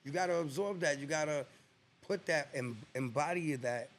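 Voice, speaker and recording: A man's voice: a little high, moderate pace. Slangy laid-back rapper man. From New Jersey. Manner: laid-back, slangy, repeats phrases for emphasis. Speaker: guest rapper. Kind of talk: casual interview chat.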